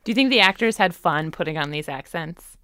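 A woman from Oregon hosting an interview, asking curious questions in a relaxed way. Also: sits low, a little fast, clean tone, dry recording, clean studio sound. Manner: curious, asks questions with light laughs. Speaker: podcast host. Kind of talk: conversational interview.

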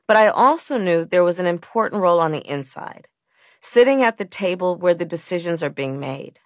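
A woman reads her own audiobook in a measured, earnest voice. Her pitch sits a little low for a woman. The recording is dry and close, with no room sound. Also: lively intonation, no echo. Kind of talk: audiobook narration.

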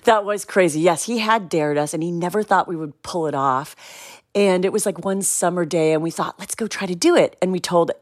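A middle-aged woman from the Cleveland area, telling an animated story as an interview guest and acting out the voices of the people in it. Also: fairly low pitch, a little fast. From Cleveland, Ohio area.

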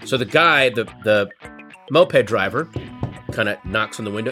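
A man's voice: fairly low pitch, normal speed. Wry male storyteller over guitar. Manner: animated, wry, building comic tension. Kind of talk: comedic storytelling. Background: guitar music.

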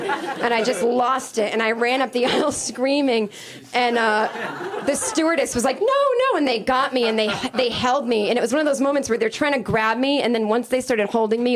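A woman comedian from Boston, telling stories in an interview with lively comic timing and acted-out quotes. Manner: animated, comic, acts out quotes in high voices. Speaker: comedian guest. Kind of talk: storytelling interview.

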